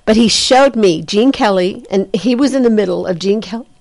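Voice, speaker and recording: A woman psychic medium talks through a reading in a lively, chatty way, full of ums and quick apologies. She keeps jumping into excited, higher quoted voices as she relays what she hears. The sound is dry and close, with no room around it. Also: no echo. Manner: animated, breaks into excited quoted voices of the spirit, frequent fillers and apologies. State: says she has a headache.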